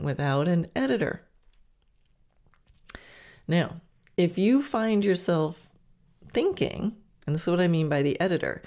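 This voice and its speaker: Gravelly-voiced woman coaching listeners. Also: lowish voice, dark tone. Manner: encouraging, chatty, with quick laughs and playful asides. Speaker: podcast host. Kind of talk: coaching monologue.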